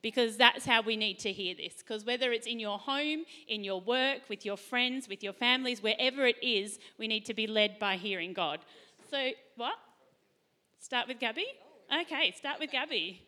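A middle-aged woman hosting a faith talk panel, chatty and quick to laugh. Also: a little high, bright, forceful tone. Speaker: host.

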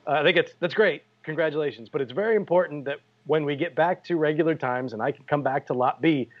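A man's voice: a little high, quick pace, phone-quality sound. A man co-hosting a podcast in casual chat, joking and telling stories. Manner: jokey, storytelling, laughs often. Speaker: podcast co-host.

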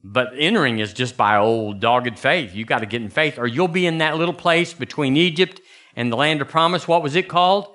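A man preaching a sermon as pastor, folksy and animated, jumping into high bursts for emphasis. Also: a little fast.

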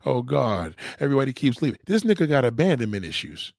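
Guy with a gravelly voice yelling insults on his stream, dry close mic, keeps repeating himself. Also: mid-range voice, very animated, quick pace, no echo. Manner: heckling, mocking, repetitive commands. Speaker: livestream host reacting to a clip. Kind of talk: profane live commentary.

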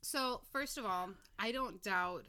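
A woman's voice: mid-range voice, slow pace, pushed and bright, smooth. Young woman hosting a podcast, chatty, blunt, swears a lot. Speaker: podcast host. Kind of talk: casual podcast chat.

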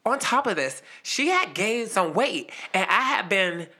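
A woman's voice: mid-range voice, measured pace. A woman in her twenties telling a story in a casual chat, acting out the quoted lines as she goes. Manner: animated, acts out quoted lines, laughs while telling.

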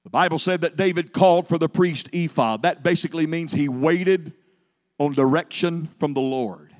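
A high-voiced man preaching from the pulpit, his words ringing with a long echo through a big hall. He starts low and measured, then rises to fervent, loud preaching. It sounds like a church sanctuary. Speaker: pastor. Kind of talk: sermon. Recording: long reverb of a large hall.

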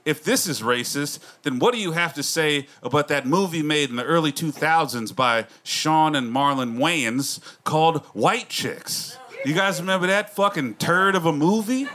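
A man in his thirties on a comedy club stage, telling jokes in a loud, profane, animated way and laughing along with them. His voice sits a bit high for a man, and a clear hiss runs through the recording. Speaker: stand-up comedian. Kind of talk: stand-up comedy set.

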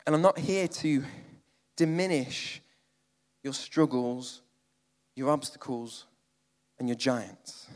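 A man preaching a sermon, moving between loud emphatic lines and quiet, almost whispered ones. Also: medium pitch, slow, long pauses, long reverb tail.

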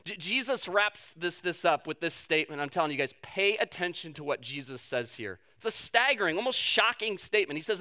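A man's voice: high-pitched, expressive, a little fast, hardly any pauses, sharp tone. A man preaching a sermon, telling a personal story with self-mocking humor and acting out the quotes. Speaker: pastor.

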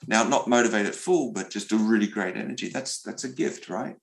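A middle-aged man speaking as an interview guest, telling stories in an animated way, often repeating words as he goes. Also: on the low side, fairly quick, gravelly, slight background noise, poor audio. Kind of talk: conversational storytelling.

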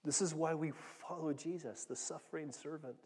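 A man's voice: a little high, fairly quick, darkish tone, breathy edge, in a large hall. A man preaching a conversational sermon, earnest and direct, often restarting and repeating his words. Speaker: pastor teaching a Bible passage.

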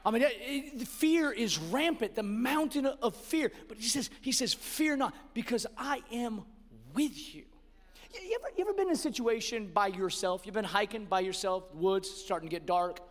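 A man preaching a sermon as a pastor, swinging from hushed, intimate lines to loud, shouted emphasis, with quick repeated restarts. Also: sits high, animated, long reverb tail.

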